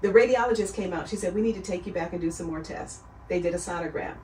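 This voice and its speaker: A woman's voice: fairly low pitch, fast talker, a little mellow, a little hiss or hum. A middle-aged woman in casual conversation, telling her story earnestly and coming alive when she quotes other people. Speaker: guest. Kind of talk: casual chat. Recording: roomy sound, far from the mic.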